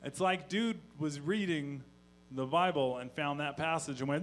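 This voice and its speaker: A man doing a stand-up comedy set on stage, telling stories in a deadpan voice with profane asides. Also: on the high side, normal speed. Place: live comedy venue on stage.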